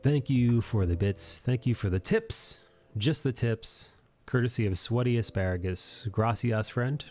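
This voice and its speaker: A man's voice: mid-range voice, unhurried, a little mellow. A man hosting a live art stream, chatting casually in a rambling, jokey way and thanking viewers. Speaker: streamer host.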